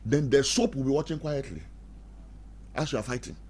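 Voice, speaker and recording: A man's voice: mid-range voice, a little fast. A middle-aged man giving marriage advice like a preacher on a radio talk show, acting out quarrels and laughing at his own jokes. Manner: animated, acts out quarrels in put-on voices, laughs at own jokes. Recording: faint background noise.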